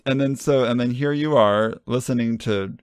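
A man's voice: medium pitch, moderate pace, clear, resonant tone, no echo, clean studio sound. A young adult man co-hosting a podcast, chatting casually and joking in a rambling, self-deprecating way. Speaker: podcast co-host.

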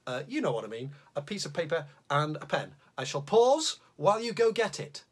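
Man, children's drawing host, playful sing-song delivery, slightly husky voice. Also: fairly quick. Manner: lively and playful, swooping pitch. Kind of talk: reading a comic poem aloud, then chatty drawing lesson.

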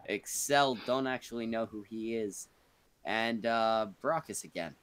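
A man's voice: fairly low pitch, unhurried, fairly bright tone, no echo. A man hosting a podcast stream in casual chat, rambling and joking crudely, full of uh and restarts. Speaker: podcast host.

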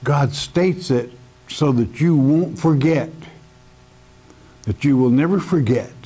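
A man's voice: mid-range voice, slow, mellow, slightly rough. A man teaching the Bible verse by verse in a sermon, speaking emphatically and addressing the listener directly as a friend. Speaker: pastor.

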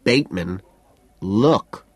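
A man's voice: lowish voice, animated, slow, no echo. A man doing McDermott, smug young banker. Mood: smug, needling. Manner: smug and needling. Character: smug, petty young male Wall Street banker.

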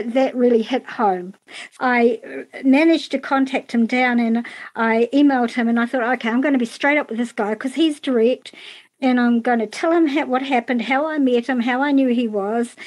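Chatty podcast hostess, a bit high. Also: female voice, low-quality recording. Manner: chatty, anecdotal, warm with affirmations. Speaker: podcast host. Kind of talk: podcast interview.

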